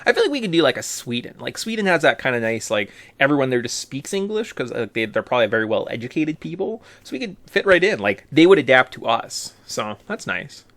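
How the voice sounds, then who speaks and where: A man's voice: medium pitch, a little fast, hardly any pauses. A man co-hosting a casual sports podcast, joking and rambling as he talks. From Canada. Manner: joking, rambling, animated delivery. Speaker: podcast co-host.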